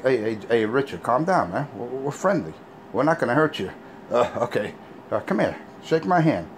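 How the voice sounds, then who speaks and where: A man's voice: medium pitch, sing-song, normal speed, a little hiss or hum. A man hosting an online talk show, taunting and mocking someone in a profane way. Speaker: show host. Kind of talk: casual mocking chat.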